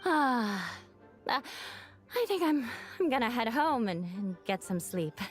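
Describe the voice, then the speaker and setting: A proud young noblewoman knight from a game who has had a drink too many, her voice bright and lilting as it swoops up and down. She giggles and stretches her words out slowly, a little loose around the edges. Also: on the high side, big pitch swings, soft background music. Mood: tipsy. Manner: giggly, drawn-out tipsy delivery. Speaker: game character. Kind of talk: video game voice acting.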